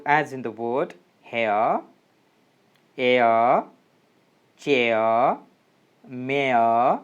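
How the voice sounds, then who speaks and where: A man with an Indian English accent, teaching English diphthongs in a slow, hesitant way with many fillers and restarts. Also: mid-range voice, fairly bright tone, muffled recording. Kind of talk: phonetics lesson.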